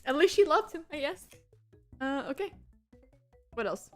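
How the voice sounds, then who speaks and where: A young American woman with a high, bright voice tells chatty travel stories on her stream. She giggles often and acts out the people she met. Soft music plays faintly behind her. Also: unhurried. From United States. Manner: giggly, animated storytelling with quoted voices. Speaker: VTuber streamer. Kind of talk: casual chat.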